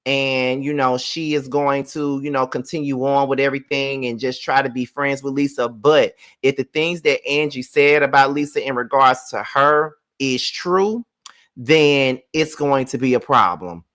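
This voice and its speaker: A young man hosting a casual live review of a reality show, profane and rambling, laughing often and going loud and high when he gets excited. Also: measured pace. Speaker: TV show reviewer and channel host.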